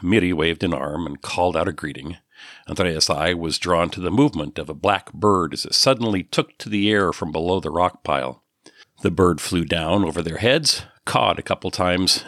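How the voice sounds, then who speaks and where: A man reads an audiobook in a measured, descriptive way. His voice sits very low. The recording is dry and close, with no room sound. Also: animated, a bit bright, no echo. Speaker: audiobook narrator. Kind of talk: scripted narration.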